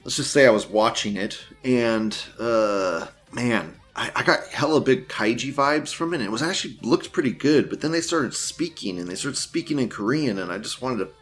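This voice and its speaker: A man's voice: mid-range voice, lively intonation, moderate pace, hardly any pauses, fairly bright tone. A man hosting an online news show, reading forum posts aloud and mocking them with crude, profane remarks and frequent laughter.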